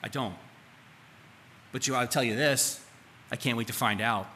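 With a medium-pitched, pushed and bright voice at a moderate pace, a man preaches as pastor, chatting casually and directing questions at the congregation. He's recorded in a church sanctuary, where live hall reverb and faint room noise come through.

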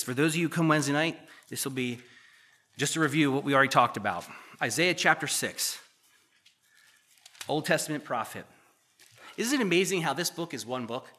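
A pastor with a slightly high voice preaches a sermon, reading scripture aloud and breaking off into animated asides to his congregation.

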